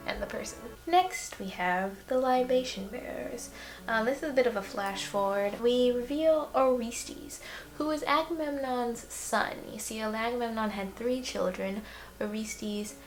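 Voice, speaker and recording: A woman's voice: on the high side, creaky. Chatty, irreverent young woman. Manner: chatty, irreverent and jokey, with slangy asides. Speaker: educational video host. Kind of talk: casual summary lesson.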